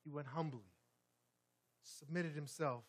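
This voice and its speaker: A man preaching a sermon in a church sanctuary, swinging dramatically between loud, forceful passages and hushed ones. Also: a little high, steady tone, measured pace. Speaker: pastor.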